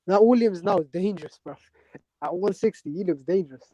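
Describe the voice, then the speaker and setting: A man with a high but dark, mellow voice, co-hosting a boxing talk show. He talks fast and insistently and keeps repeating his points. The recording is dry. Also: no echo, rough recording. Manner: quick, insistent, repeats phrases. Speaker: boxing podcast co-host. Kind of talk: casual heated chat.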